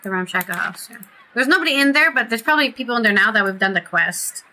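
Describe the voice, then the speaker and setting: A woman chats her way through a role-playing game, reading quest text aloud and reacting to it. Her voice is bright and forward, and sits a bit high. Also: expressive, fast talker. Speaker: gaming streamer. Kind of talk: casual let's play commentary.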